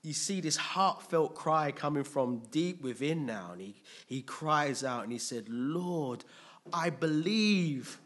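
A man's voice: mid-range voice, a little slow, hardly any pauses, fairly bright tone. A man preaching a conversational sermon, often checking in with his listeners.

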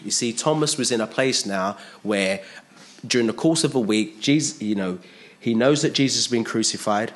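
A man's voice: medium pitch, normal speed. A man preaching a sermon. He is emphatic, repeats his phrases and asks his listeners rhetorical questions.

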